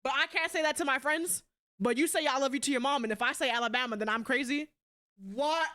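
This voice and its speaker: A young woman streaming live, chatting casually and bluntly, swearing a lot and swinging between loud outbursts and quieter asides. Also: sits high, fast talker. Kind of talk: casual livestream chat.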